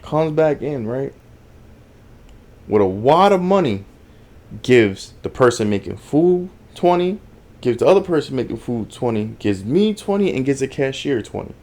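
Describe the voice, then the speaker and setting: A man hosting a podcast, telling a story in an animated, profane way with lots of fillers. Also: mid-range voice, unhurried. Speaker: podcast host. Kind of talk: casual storytelling.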